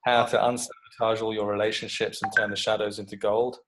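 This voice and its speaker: A man, a creativity coach, telling an animated story and swearing freely in a casual podcast interview. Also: on the low side, fairly quick, noisy background.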